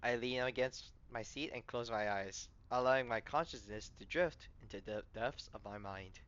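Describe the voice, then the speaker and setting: A man reading the narration and his own character's lines in a game playthrough, stumbling and correcting words, with loud excited reactions. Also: medium pitch, normal speed. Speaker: gamer reading a story aloud. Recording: slightly muffled, soft game music behind.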